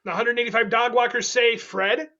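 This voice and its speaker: A man hosting an online improv comedy game, playful and quick, with laughing asides. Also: very high voice, steady tone, bright, forceful tone, dull audio.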